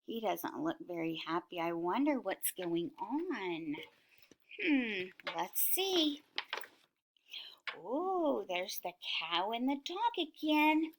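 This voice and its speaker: A woman teacher reading a picture book aloud to young children, talking in an animated, questioning, sing-song way. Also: medium pitch, slow pace, slight background noise.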